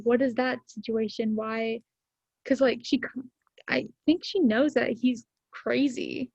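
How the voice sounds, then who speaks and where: A woman's voice: on the high side, steady tone, measured pace, gravelly, darkish tone, dry recording. A teenage girl on a video call, talking casually about a book with classmates, with lots of fillers. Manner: chatty, many fillers. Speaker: student in book discussion. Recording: dull lo-fi video call audio.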